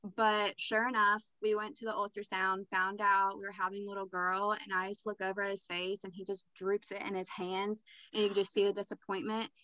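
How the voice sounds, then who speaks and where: Bright candid young woman telling her story. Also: mid-range voice, level tone, fairly quick, hardly any pauses, no room sound, poor audio. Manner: candid, matter-of-fact recounting with filler words. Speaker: guest. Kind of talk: personal storytelling in a podcast interview.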